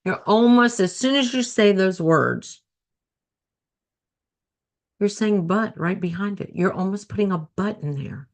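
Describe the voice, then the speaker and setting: A woman's voice: medium pitch, animated, a little slow, long pauses. A middle-aged woman hosting a podcast as a life coach, talking casually and repeating phrases for emphasis. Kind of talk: casual solo podcast talk.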